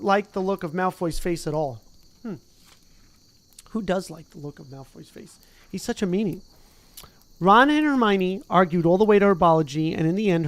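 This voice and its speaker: A relaxed reader works through a novel aloud on a stream, the voice sitting in a plain middle pitch. The delivery is loose and conversational, with stumbles over words and frequent chatty detours. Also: dry recording. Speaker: streamer reading a book aloud. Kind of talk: casual read-aloud with chat asides.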